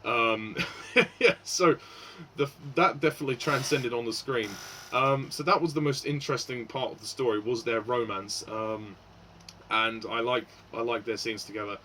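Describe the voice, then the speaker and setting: A man's voice: mid-range voice, moderate pace, pushed and bright, slight background noise, low-quality recording. A man giving a casual spoken film review, hesitant, with many fillers and restarts.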